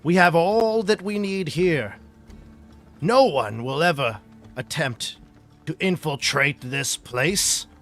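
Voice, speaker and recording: A man voicing a large female giantess, the chief's wife, who speaks slowly and pleadingly. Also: fairly high pitch, a bit bright, faint music behind, voice pushed up. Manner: pleading, slow and drawn out.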